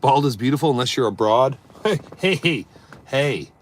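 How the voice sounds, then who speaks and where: A man hosting a casual live stream, joking around and answering viewers' chat, swinging between loud bursts and mumbled asides. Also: medium pitch, expressive, moderate pace.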